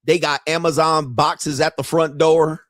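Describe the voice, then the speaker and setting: A man's voice: a little high, little pitch movement, unhurried, no echo, clean studio sound. A man hosting a casual live stream, ranting with profanity and jokes and acting out the voices of the people he quotes. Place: home studio.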